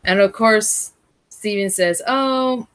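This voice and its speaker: A woman's voice: lowish voice, slow pace, fairly bright tone. A woman giving a casual, rambling recap of an episode as a fan reviewer, often restarting and correcting herself.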